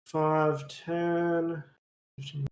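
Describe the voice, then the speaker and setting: Guy player, laid back, counting squares out loud, echoey. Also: on the high side, flat delivery, drawn-out words, slight background noise. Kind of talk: casual game chat.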